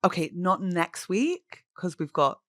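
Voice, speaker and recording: A woman's voice: on the low side, very animated, a little slow, fairly bright tone. A woman hosting a podcast in casual chat, swearing freely and laughing at herself. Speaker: podcast host.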